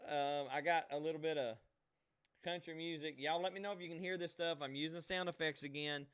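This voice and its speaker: A man's voice: fairly high pitch, steady tone, brisk, fairly bright tone, clear, resonant tone. A man hosting a live online show alone, chatting casually and folksily straight to his viewers. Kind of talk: casual livestream chat.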